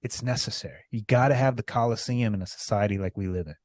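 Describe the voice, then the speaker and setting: Podcast co-host, man, swearing rant with loud spikes, dry close mic. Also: lowish voice, fast, dry recording. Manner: heated, profane, swings to loud outbursts. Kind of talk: ranting casual chat.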